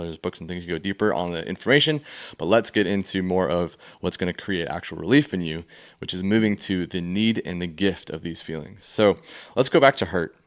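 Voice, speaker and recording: Low-voiced man teaching casually. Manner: conversational, storytelling with many fillers. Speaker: faith-based emotional health teacher.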